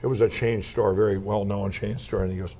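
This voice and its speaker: A man from Minnesota, a guest in an interview, telling rambling, animated anecdotes full of restarts and laughs. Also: on the low side, fast. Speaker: guest entrepreneur. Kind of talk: casual interview storytelling.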